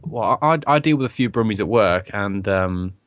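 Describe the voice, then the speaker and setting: Young english bloke rambling on a podcast, low voice, dry muffled sound. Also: male voice, lively intonation, normal speed, a bit bright, no room sound. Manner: rambling, swears freely, laughs a lot. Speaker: podcast co-host. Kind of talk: casual chat.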